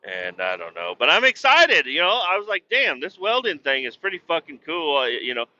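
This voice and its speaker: Middle-aged guy, real bright tense voice, swears constantly, self-deprecating laughs, muffled podcast sound. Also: fairly high pitch, huge pitch swings, a little fast. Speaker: podcast host. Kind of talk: casual rambling monologue.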